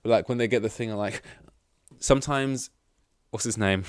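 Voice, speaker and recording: A man's voice: on the low side, moderate pace, long pauses, smooth, no room sound, studio quality. A man hosting a podcast in casual chat, rambling with lots of fillers and swearing. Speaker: podcast host.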